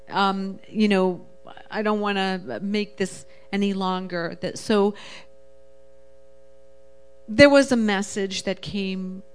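A woman's voice: mid-range voice, clear, resonant tone. A middle-aged woman telling a personal story in a casual, emotional, rambling way, acting out the voices of the people she quotes. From Jewish family. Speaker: guest sharing her testimony.

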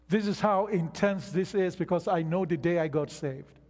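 An older man preaching a sermon, slow and emphatic, with long pauses between phrases. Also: sits high, a little mellow. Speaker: pastor. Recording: long reverb of a large hall.

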